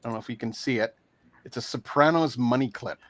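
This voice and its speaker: A man chatting casually as a guest, talking haltingly with many fillers and restarts over a video call. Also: medium pitch, no echo. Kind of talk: casual chat.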